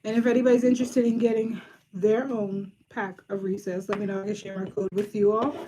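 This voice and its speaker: A woman's voice: medium pitch, little pitch movement, brisk, warm tone, a little hiss or hum. A woman from Boston hosting a casual live stream, chatting and answering viewer comments as they come in. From Boston, USA. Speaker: livestream host, social worker.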